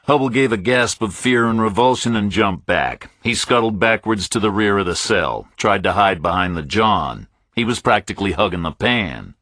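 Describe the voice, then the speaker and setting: A male audiobook narrator reads a first-person thriller in a measured, tense way. His voice is very low and husky, and his pitch moves in lively swings. The sound is dry and close. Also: no room sound.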